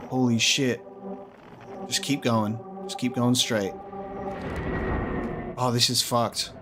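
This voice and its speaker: A man giving casual let's play commentary on a video game, excitable and full of exclamations and swearing. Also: mid-range voice, slow pace, long pauses, noisy background. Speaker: gaming streamer. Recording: game music behind the voice.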